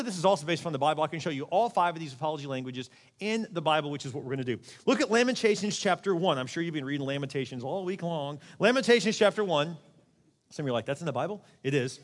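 A man preaching a lively, conversational sermon and acting out little quotes as he goes. His voice sits a bit high for a man. It rings with a long reverb from a large church hall. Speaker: pastor.

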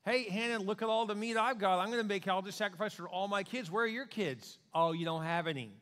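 A man's voice: high-pitched, quick pace, fairly bright tone, in a large hall. A man voicing a jealous woman who mocks a childless rival in a singsong, taunting way. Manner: mocking, singsong.

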